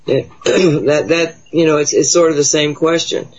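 Guy asking questions, kinda higher voice, dull muffled sound. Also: steady tone, normal speed. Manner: curious, asks questions. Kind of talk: casual conversation.

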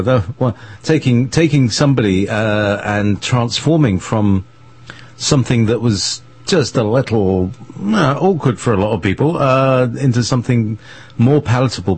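A man's voice: fairly low pitch, husky. A man hosting an internet radio show in casual chat, rambling and playful and laughing often.

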